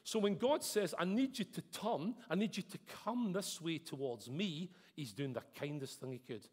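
Male preacher, fairly high voice, earnest, long reverb of a church hall. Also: expressive, normal speed, breathy edge. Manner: earnest, swings between loud emphasis and soft intensity. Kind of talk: sermon.

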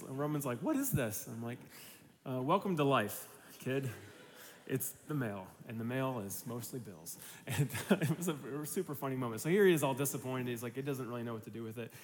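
Conversational pastor in a reverberant hall. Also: male voice, medium pitch, a little mellow. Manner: casual conversational preaching with acted asides. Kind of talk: sermon.

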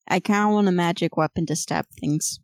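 Excitable swearing woman player. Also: lowish voice, brisk, no room sound. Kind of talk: casual game chat.

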